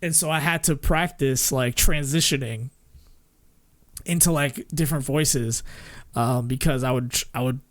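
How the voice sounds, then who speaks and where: A man's voice: mid-range voice, unhurried, no echo. A man streaming in a casual, rambling way, swearing freely and laughing often.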